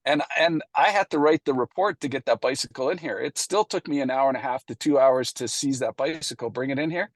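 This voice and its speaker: A man's voice: medium pitch, a little fast, hardly any pauses, dry recording. A middle-aged man gives a casual, anecdotal presentation at a meeting, acting out past conversations and using many fillers. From Canada. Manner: anecdotal, acts out past dialogue, frequent fillers.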